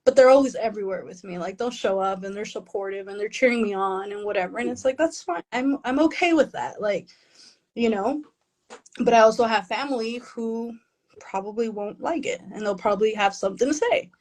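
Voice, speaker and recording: Being interviewed, a woman author of Mexican family who grew up in the US speaks a little fast in a medium-pitched, darkish voice. She's casual and self-deprecating, laughs often, and slips Spanish phrases into her English, all on a low-quality recording.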